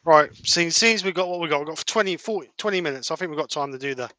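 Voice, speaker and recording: A man's voice: on the high side, fast talker, sharp tone, no room sound. A man demonstrating woodturning on a livestream, explaining his steps in a plain, practical way. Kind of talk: livestream demo chat.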